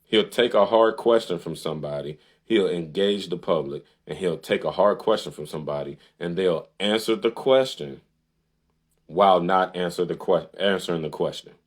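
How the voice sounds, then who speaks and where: Black guy, very deep low voice, sarcastic heated rant reading stuff off a site. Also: normal speed. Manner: sarcastic, heated, rising to high outbursts. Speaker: commentator. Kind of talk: casual monologue reading and critiquing a website.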